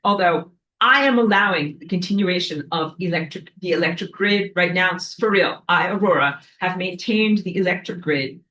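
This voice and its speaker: A spiritual teacher with a fairly low, pushed, bright voice lectures a class at normal speed on a rough recording. Her preachy talk is emphatic and scolding, and now and then she slips into swearing.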